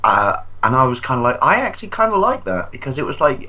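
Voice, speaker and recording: A man's voice: mid-range voice, very animated, fast, pushed and bright, far from the mic, highs cut off. A man co-hosting a casual podcast chat, sardonic, full of jokey asides. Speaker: podcast co-host.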